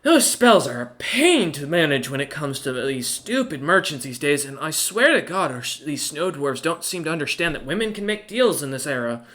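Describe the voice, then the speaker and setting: A man voicing a brisk, businesslike female snow dwarf clerk at a merchant guild. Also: a little high, very animated, sharp tone.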